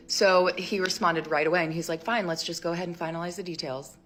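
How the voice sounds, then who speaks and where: A woman in her thirties tells a personal story in a casual, rambling way, leaning on "like" constantly. Her voice sits fairly low, but she jumps up sharply when acting out what people said. Soft music plays faintly behind her. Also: steady tone, a little fast. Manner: chatty, rambling, heavy use of "like"; acts out quoted lines with sharp jumps up in pitch. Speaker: storyteller in a social media clip.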